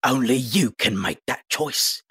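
Husky, slow-talking old mentor woman with a cough, played by a man, tearful and stern. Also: medium pitch, sharp tone, no echo, clean studio sound, exaggerated voice. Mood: grave. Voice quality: husky, creaky. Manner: slow, weary, reproachful.

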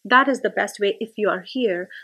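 A woman, a career workshop leader talking as an interview guest, explaining things with examples and animated little stories. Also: medium pitch, normal speed, breathy edge. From India. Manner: storytelling, animated, with frequent restarts. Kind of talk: casual conversational interview.

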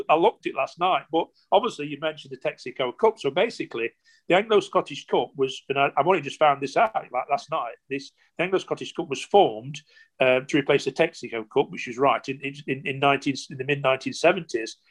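A man in his sixties, a former footballer, telling stories casually in an interview, animated and rambling with lots of "you know" and restarts. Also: a little high, fairly quick. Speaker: former professional footballer, guest.

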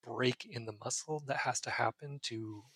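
A man's voice: mid-range voice, moderate pace, pushed and bright, slightly rough. A man, a psychiatrist guest on a podcast, earnestly explaining ideas with everyday examples. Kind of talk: casual podcast advice.

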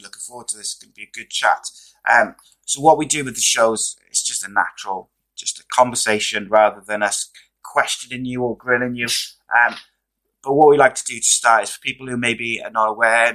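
A man hosting a casual podcast interview, relaxed and chatty with many fillers, his voice going hoarse. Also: medium pitch, rough recording. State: losing his voice. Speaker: podcast host.

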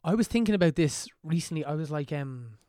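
Brief: male podcast host, slightly high voice, dry close sound, relaxed questioner. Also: fairly quick, no room sound. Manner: easygoing questioner, chuckles often. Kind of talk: casual podcast chat.

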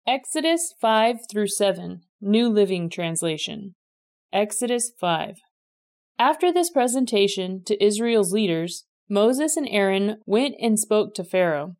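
A woman reading Bible passages aloud in an even, measured voice. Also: mid-range voice. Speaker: scripture reader.

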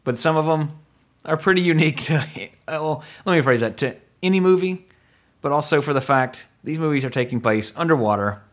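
A man's voice: on the high side, lively intonation, a little fast. A man hosting a movie podcast, rambling and joking in casual chat, swearing now and then. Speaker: podcast host.

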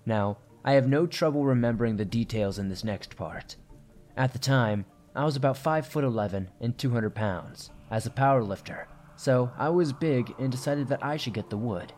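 A man narrating a first-person horror story in a steady, tense storytelling manner. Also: mid-range voice, moderate pace, soft background music.

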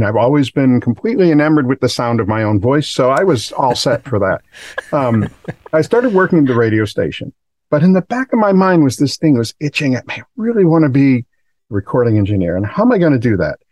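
A man's voice: mid-range voice, darkish tone, dry recording. A middle-aged man from Massachusetts telling stories as a guest in a casual podcast interview, in a rambling, self-deprecating way. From Massachusetts, USA. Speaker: guest, recording engineer.

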